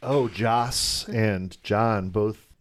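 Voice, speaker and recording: A man co-hosting a podcast, recapping cartoon episodes in casual chat with wry, deadpan jokes. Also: on the low side, very slow. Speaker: podcast co-host.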